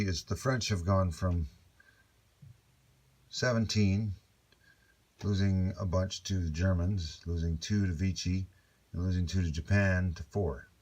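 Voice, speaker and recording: A man's voice: sits low, darkish tone. A man casually talking through a board game turn, thinking aloud with chatty asides. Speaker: board game player explaining a solo playthrough. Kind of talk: casual tabletop game walkthrough.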